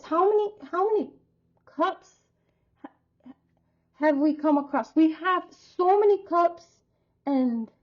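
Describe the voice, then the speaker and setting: A woman's voice: high voice, a little mellow, lo-fi sound. A woman giving a casual tarot reading to her viewers, talking in a chatty, rambling way and telling stories expressively. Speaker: tarot reader.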